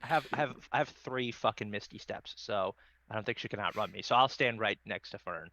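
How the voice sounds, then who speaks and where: A man's voice: fairly low pitch, fairly quick, bright, forceful tone, dull audio, a little hiss or hum. A man playing a tabletop game, rambling and laughing as he talks about his character. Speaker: player. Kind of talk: casual tabletop role-play.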